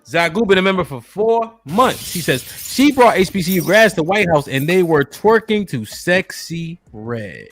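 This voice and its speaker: A man's voice: sits high, big pitch swings, measured pace, hardly any pauses, a bit bright, soft background music. A man hosting a casual live stream, joking and reading viewers' donation messages aloud. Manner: loose and joking, reads chat messages aloud. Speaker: podcast host.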